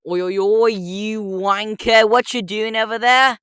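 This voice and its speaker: A woman's voice: mid-range voice, little pitch movement, measured pace, fairly bright tone, clear, resonant tone, dry recording, studio quality, lightly acted. A woman voicing a brash male detective in a put-on British accent, with swaggering, slangy taunts. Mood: bossy.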